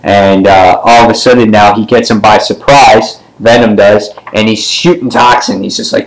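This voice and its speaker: A man giving a casual comic book review, retelling the story in a rambling way with many fillers and sometimes jumping up in pitch to act out a character's line. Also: normal speed, rough recording. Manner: briefly acts out characters' lines with pitch jumps.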